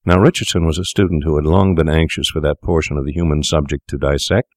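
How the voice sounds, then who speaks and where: A man narrating a story in a measured, grave manner. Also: a bass voice, fairly even intonation, a little mellow, no room sound, studio quality. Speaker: audiobook narrator. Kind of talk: scripted narration.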